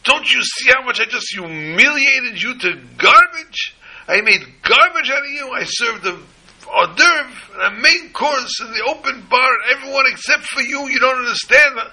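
A man voicing an arrogant rich man who shouts orders and insults in a raised voice. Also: animated, normal speed, heavily acted, low-quality recording. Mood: furious. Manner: shouting, high-pitched, ranting.

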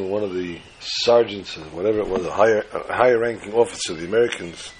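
Gravelly-voiced man telling a story. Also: low-pitched, fast, few pauses, a little hiss or hum, low-quality recording. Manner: dramatic, repetitive storytelling. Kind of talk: religious storytelling.

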